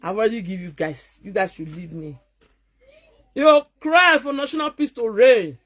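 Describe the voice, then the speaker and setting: A woman's voice: mid-range voice, normal speed, fairly bright tone. A woman with a thick Nigerian Pidgin English accent rants at her viewers in a vlog, taunting and scolding them. She talks in a chanting, mocking way and keeps repeating her jabs. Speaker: social media vlogger.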